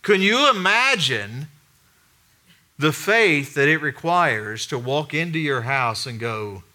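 A middle-aged male pastor preaching a sermon in a conversational way, asking the room questions and dropping quiet to stress a point. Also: a little high, animated, slow.

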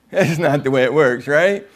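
Guy giving a chatty sermon, cracks jokes, kinda higher voice. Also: normal speed. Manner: joking, chatty, acts out quotes. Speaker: preacher. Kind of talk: conversational sermon.

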